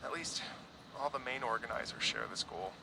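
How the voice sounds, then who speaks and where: A man voicing a polite, gravelly traveling musician. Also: mid-range voice, normal speed, music in the background, close to an everyday voice. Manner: polite, formal, earnest. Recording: game audio with clear background noise.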